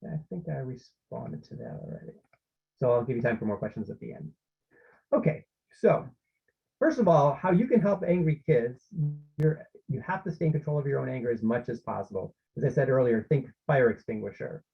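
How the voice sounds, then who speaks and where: A man's voice: medium pitch, expressive, fairly quick, gravelly, breathy edge, lo-fi sound. A man presenting an online parenting workshop, explaining steps and often checking in with his listeners.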